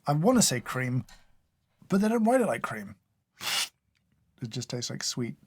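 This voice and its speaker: A man's voice: mid-range voice, very animated, measured pace, darkish tone, breathy edge, no echo. A man doing casual taste-test commentary, dry and sarcastic, scolding each product he tries. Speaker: food taste tester.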